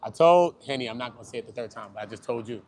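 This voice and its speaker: A man livestreaming outdoors on a busy street, talking loud, joking and cursing as he hypes up people around him. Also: medium pitch, racing. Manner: animated, profane, joking, hypes up passersby. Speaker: livestreaming vlogger.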